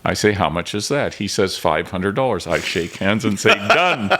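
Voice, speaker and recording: This older Canadian man, a filmmaker, is a podcast guest with a low-pitched voice at normal speed. In a casual interview he spins lively stories and acts out the dialogue.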